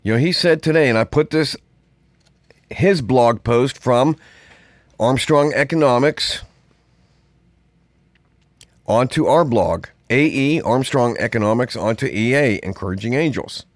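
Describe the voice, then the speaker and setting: A man's voice: mid-range voice, animated, measured pace, pauses often, no echo, studio quality. A man hosting a podcast in a loose, conversational monologue, wandering into asides and trailing off mid-thought. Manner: rambling, conversational, many fillers and asides. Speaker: podcast host. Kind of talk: casual monologue.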